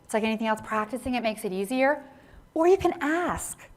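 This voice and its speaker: A woman giving an interactive conference talk on workplace inclusion, animated and often checking in with the audience with a quick "right?". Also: on the high side. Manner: animated, tags lines with "right?" to engage the audience. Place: conference session room.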